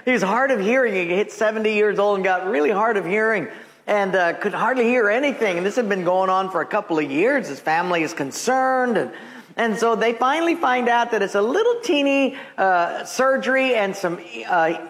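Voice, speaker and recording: Seventy-year-old pastor with a high voice. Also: male voice, a bit bright. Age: 70s. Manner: folksy storytelling, chuckling at his own punchlines. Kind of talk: sermon with jokes. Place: church sanctuary with congregation. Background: congregation laughing.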